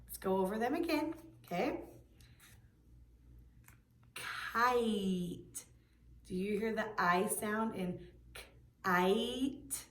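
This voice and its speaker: A woman's voice: medium pitch, animated, normal speed. A woman teaching a preschool video lesson, patiently sounding out words for young children. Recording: echoey room.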